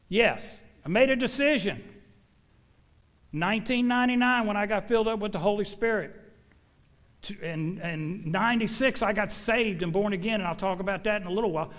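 Emphatic preacher, high voice, reverberant hall. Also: male voice. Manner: emphatic, folksy, swings from loud exhortation to low asides. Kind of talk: sermon with personal testimony.

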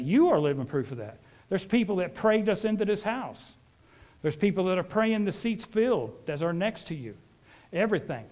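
A man's voice: high voice, very animated, normal speed, a little mellow. A middle-aged man, preaching a sermon as a folksy, rambling storyteller.

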